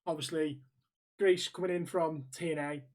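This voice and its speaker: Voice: mid-range voice, steady tone, normal speed, a little mellow. Podcast co-host, casual and blunt, swears freely, tells anecdotes with quotes. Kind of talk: casual ranting chat.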